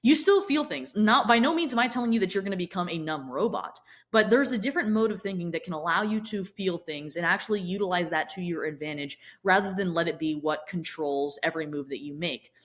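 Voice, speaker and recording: A woman with a notably low, deep voice speaks straight to camera as a fitness and mindset coach. Her delivery is blunt tough love, peppered with swearing as she presses her point home. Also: animated, a little fast, few pauses. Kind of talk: direct-to-camera motivational talk.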